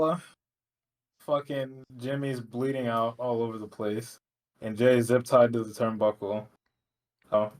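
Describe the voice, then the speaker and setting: A man co-hosting a podcast, rambling profanely with lots of filler words. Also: mid-range voice. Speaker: podcast co-host. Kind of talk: casual chat.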